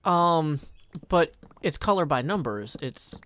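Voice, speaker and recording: A man's voice: on the high side, expressive, slow pace, a bit bright, slight background noise. A man in his thirties, a streamer, chatting casually with a co-host while they build in a game, dry and self-deprecating in his jokes. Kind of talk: casual chat while gaming.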